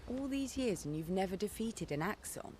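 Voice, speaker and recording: An actress playing a calm, frank female companion in a video game, speaking in a measured, sober way. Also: medium pitch, a little hiss or hum, lightly acted.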